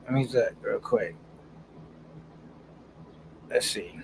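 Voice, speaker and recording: Chill guy on a livestream reading chat, gravelly voice, slangy, laughs a lot. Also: on the low side, slow pace, a little hiss or hum. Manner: laid-back, slangy, laughs often. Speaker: live streamer. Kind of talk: casual livestream chat reading viewer comments.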